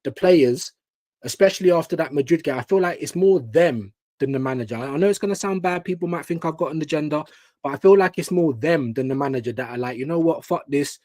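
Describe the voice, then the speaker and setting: A young man who is a guest pundit on a live stream, giving blunt opinions in an animated, slangy way. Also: fairly high pitch, quick pace, dry recording. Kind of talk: casual live-stream chat.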